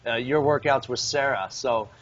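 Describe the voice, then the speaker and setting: A man's voice: mid-range voice, normal speed. A man hosting an interview, asking questions and summarizing reflectively. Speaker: host. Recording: dull audio with faint noise.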